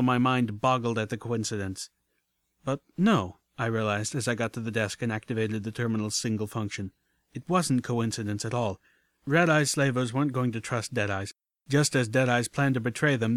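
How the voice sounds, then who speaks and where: A man narrating a first-person adventure story in a steady, measured reading. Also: medium pitch, dry recording, studio quality. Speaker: audiobook narrator.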